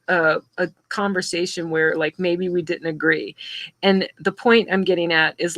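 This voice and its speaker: A woman's voice: on the low side, a bit bright, dry recording. A woman host chatting casually and telling her stand-up jokes, laughing often. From Southern United States. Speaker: comic artist and stand-up comedian hosting a stream. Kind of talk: casual chat.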